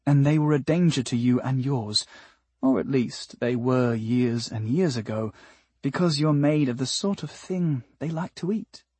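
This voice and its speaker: A man's voice: mid-range voice, unhurried, warm tone, slightly rough, no room sound. A man voicing a tall, skeletal alien woman who speaks with elaborate humility and pointed, insistent questions, in an audiobook. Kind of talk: audiobook character voice.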